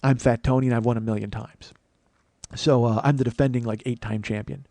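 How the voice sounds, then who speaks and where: Profane rambling storyteller man, dry mellow voice. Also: medium pitch, a little fast, no room sound. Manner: rambling, profane, animated storytelling with self-mocking asides. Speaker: comedian podcast host. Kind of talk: solo storytelling monologue.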